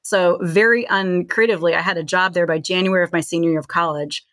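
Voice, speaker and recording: A woman's voice: fairly low pitch, fairly even intonation, fast, fairly bright tone, no room sound. A middle-aged woman from Virginia with a Midwestern accent, chatting as an interview guest with lots of fillers. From Charlottesville, Virginia. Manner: chatty, many "like" and "you know" fillers. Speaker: guest, tech CEO. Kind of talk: casual interview talk.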